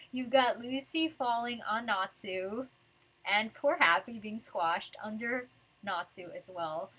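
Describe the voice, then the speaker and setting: A woman's voice: mid-range voice, a bit bright, poor audio. A woman reviewing a manga chapter in a casual, rambling way, giggling and full of fillers.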